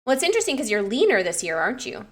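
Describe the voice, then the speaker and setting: A young woman personal trainer casually reviewing clients' lifting technique, chatty and given to swearing and gushing excitement. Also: on the high side, racing.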